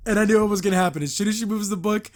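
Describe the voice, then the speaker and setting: A man's voice: sits high, rapid-fire. A man hosting a casual episode review, rambling with plenty of fillers and frequent chuckles as he recaps. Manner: chuckles often while recapping. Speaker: host.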